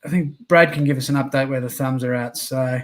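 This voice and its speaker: A man's voice: medium pitch, fairly even intonation, fast talker. A man hosting a casual livestream interview, easygoing and rambling with lots of ums and uhs. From Australia. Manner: easygoing, rambling with many fillers. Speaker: livestream host.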